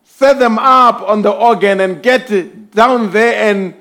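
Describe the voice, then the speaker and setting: A man delivers a sermon in a high voice, taking his time over every phrase. He builds his points in emphatic swells and speaks directly to the congregation. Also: pushed and bright. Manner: slow, emphatic preaching with rising and falling swells. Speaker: preacher.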